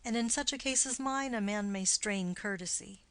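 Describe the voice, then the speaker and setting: A woman's voice: mid-range voice, normal speed, fairly bright tone, dry recording, close to an everyday voice. A woman reading the part of a lovesick young nobleman trading puns in an audiobook of a play. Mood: playful. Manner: playful wordplay.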